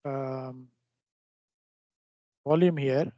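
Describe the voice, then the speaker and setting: A man teaching a trading lesson over a screen share, explaining in a halting way with frequent restarts. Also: mid-range voice, steady tone, mellow, dry recording. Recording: dull lo-fi dry recording.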